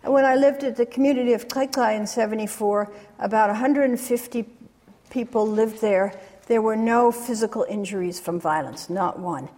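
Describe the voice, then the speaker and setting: A woman giving an academic lecture, retelling stories in a measured way with pauses. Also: fairly high pitch, warm tone. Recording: long reverb of a large hall.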